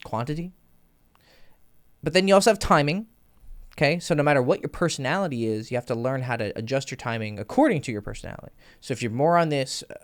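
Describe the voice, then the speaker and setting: A young man casually coaching on dating and charisma. He swears freely and uses vocal sound effects. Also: medium pitch. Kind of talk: casual advice monologue.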